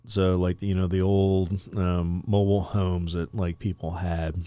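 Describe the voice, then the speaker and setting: A man's voice: deep voice, flat delivery, unhurried, dark tone, clear, resonant tone, no echo. A man co-hosting a podcast, telling a story in a rambling, casual way full of fillers and profanity. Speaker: podcast co-host.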